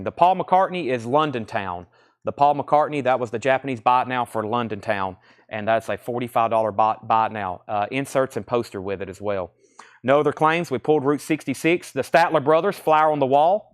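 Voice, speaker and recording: A man hosting a live-streamed record sale, calling out titles and prices in a brisk, running patter, thinking aloud as he checks each record. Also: medium pitch.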